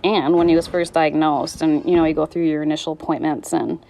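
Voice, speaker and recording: A woman's voice: sits low, level tone, fairly quick, vocal fry, few pauses, warm tone. A woman in her thirties talking candidly in a personal vlog, weary and struggling, rambling and trailing off mid-thought. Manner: raw, rambling, restarts and trails off. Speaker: vlogger.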